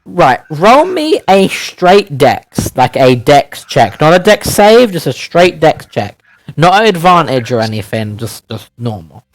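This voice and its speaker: A man's voice: a little high, very animated, measured pace, slight background noise. A man running a tabletop game as game master, explaining rolls and describing what happens.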